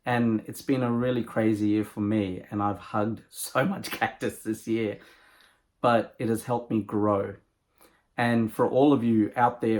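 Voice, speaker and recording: A male motivational speaker tells a moral story, his voice rising and dropping with animated energy. He narrates with warmth for effect and lands a lesson for entrepreneurs. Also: medium pitch. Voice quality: lively, animated delivery.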